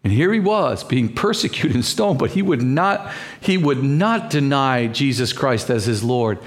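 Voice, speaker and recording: A man's voice: medium pitch, lively intonation, measured pace. A man preaching a sermon as pastor, fervent and repetitive, often restarting his words.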